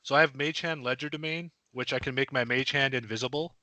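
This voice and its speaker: Bright, eager tabletop player man. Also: mid-range voice, fairly even intonation, fast talker, dry recording. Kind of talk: casual game chat.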